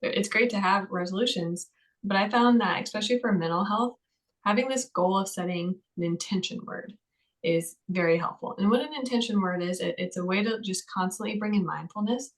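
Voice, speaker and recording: A woman mental health counselor talking casually on a podcast, telling stories in a chatty, lively way with many fillers. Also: mid-range voice, fairly quick, poor audio.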